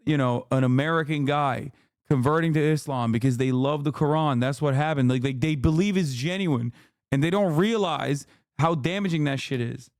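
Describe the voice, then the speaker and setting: A man's voice: mid-range voice, no room sound, clean studio sound. A man in his thirties streaming a reaction, ranting heatedly with lots of swearing and exasperated repetition. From grew up in a Muslim country. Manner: profane, exasperated, emphatic repetition. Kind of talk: heated casual rant.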